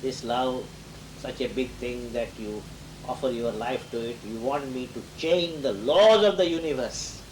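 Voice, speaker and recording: A man's voice: mid-range voice, measured pace, a little hiss or hum, poor audio. A man giving a lecture on poetry who reads verse lines aloud and then explains them, with occasional chuckles.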